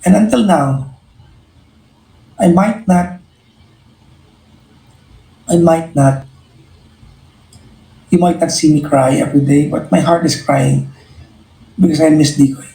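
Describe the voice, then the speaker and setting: Speaking slowly with long pauses, a man with a Filipino accent addresses his live-stream viewers earnestly and reflectively, often circling back to restart his phrases. His voice is a little high, mellow and gravelly, and the audio has a roomy echo.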